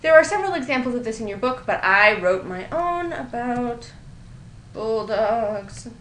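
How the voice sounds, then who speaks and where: A woman's voice: a little high, lively intonation, measured pace, a bit bright, a little hiss or hum. A woman teaching writing in a recorded grammar lecture, explaining with light amusement and reading example sentences aloud. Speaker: writing instructor. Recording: roomy echo.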